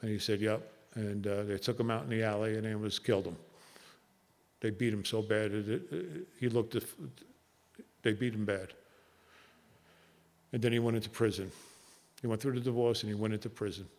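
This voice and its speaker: Earnest man telling a recovery story. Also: lowish voice. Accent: New Jersey. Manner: earnest, halting with many fillers. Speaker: recovery meeting speaker. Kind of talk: personal storytelling talk. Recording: long hall reverb.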